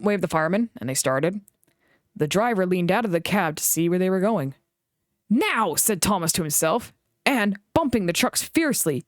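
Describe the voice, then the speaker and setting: Expressive female storybook reader, lively melody, dry close sound. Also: mid-range voice, no echo. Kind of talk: reading a children's book aloud.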